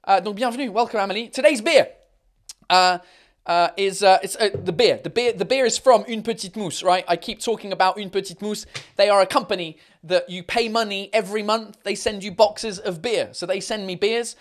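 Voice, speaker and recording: A man's voice: high voice, fairly quick, dry recording, clean studio sound. A man hosting a casual live-stream chat show. He rambles in a cheeky way, swears freely and slips in and out of French. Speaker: comedian podcast host.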